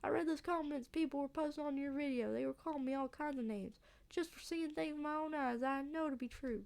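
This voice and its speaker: Woman putting on a gruff old Southern man. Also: high voice, brisk, a little mellow. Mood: aggrieved. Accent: put-on Southern. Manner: grumbling, scolding drawl. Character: gruff old male backwoods landowner.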